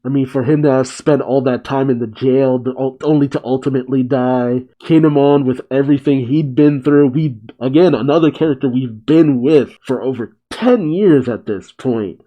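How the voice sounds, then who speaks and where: A man hosting a casual reaction, thinking aloud and reading a comic out loud. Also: medium pitch, moderate pace, hardly any pauses, lo-fi sound. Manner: casual, reflective, laughs while reading. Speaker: manga reaction host.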